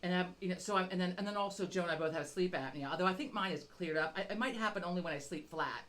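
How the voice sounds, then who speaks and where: A woman's voice: lowish voice, rapid-fire, fairly bright tone. Foul-mouthed woman telling a rambling story. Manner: rambling, swears constantly, self-deprecating storytelling. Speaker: podcast co-host. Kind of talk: casual chat.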